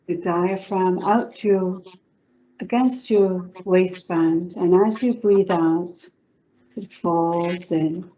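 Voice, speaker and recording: A woman psychotherapist leading a guided relaxation exercise over a video call, giving slow, soothing instructions. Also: medium pitch, dark tone, dull audio.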